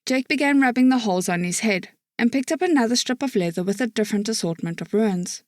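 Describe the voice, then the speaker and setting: A woman narrating an audiobook chapter in a steady storytelling manner. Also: fairly high pitch, quick pace, no echo, clean studio sound. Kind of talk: scripted narration.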